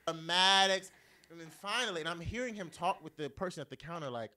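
A man's voice: a little high, a little fast, bright, forceful tone, slight background noise. A man as a podcast guest, telling a story dramatically and acting out the voices in it. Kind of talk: animated storytelling.

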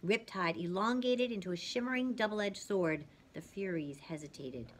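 A woman reading a novel aloud as a reader for her channel, narrating lively and dramatically, dropping at times to a soft hush. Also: mid-range voice, moderate pace, a little hiss or hum.

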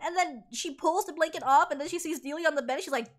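A woman streamer giving an excitable, animated comic retelling of a musical. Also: very high voice, quick pace, few pauses.

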